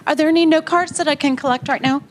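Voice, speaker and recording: A woman's voice: high voice, fast. A woman moderating a public Q&A, politely collecting note cards and reading audience questions aloud. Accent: American Midwestern. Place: community center meeting room.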